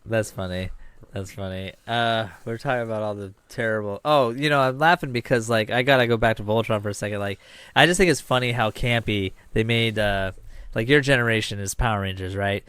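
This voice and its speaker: A man's voice: on the low side, brisk, fairly bright tone, smooth, no echo. A middle-aged man hosting a podcast, teasing his co-host, laughing often and swearing playfully. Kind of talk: casual podcast banter.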